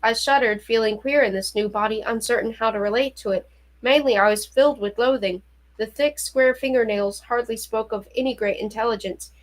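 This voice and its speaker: Expressive woman reading aloud. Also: fairly high pitch, a little fast, rough recording. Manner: expressive reading with startled, anxious turns. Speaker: reader. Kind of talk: audiobook reading of a novel.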